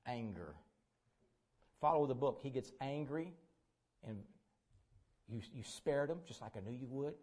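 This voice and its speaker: A man's voice: medium pitch, lively intonation, unhurried, pauses often. A man preaching a sermon, folksy and dramatic, acting out quoted figures. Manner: folksy, voices quoted figures, bursts into shouting.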